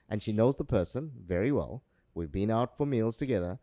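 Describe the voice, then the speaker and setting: A man co-hosting a podcast, telling a long story in a rambling, halting way. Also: fairly low pitch, animated, warm tone, dry recording, clean studio sound. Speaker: podcast co-host. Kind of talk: casual chat.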